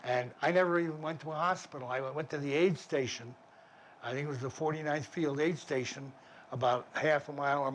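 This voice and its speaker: Older male veteran, plainspoken storyteller, restarts often, medium pitch, faint hiss behind. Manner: vivid, plainspoken, with frequent restarts. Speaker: army veteran interviewee. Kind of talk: war memoir storytelling.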